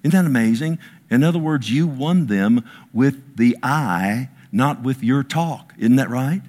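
A man in his sixties preaching a sermon to a congregation, swinging from loud, high bursts to slow, low emphasis, with self-mocking asides. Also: animated. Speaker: pastor.

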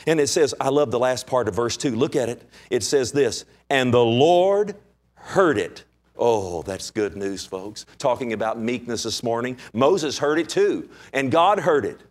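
A man preaching a sermon as pastor, animated and conversational, with many rhetorical questions. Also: mid-range voice, moderate pace, few pauses.

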